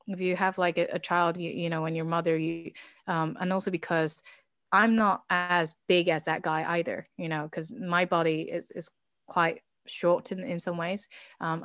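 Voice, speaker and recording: A woman's voice: lowish voice, no room sound, studio quality. Earnest woman telling personal stories. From Chinese heritage. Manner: earnest, reflective, many fillers and restarts. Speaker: interview guest, business founder. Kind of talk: candid personal interview.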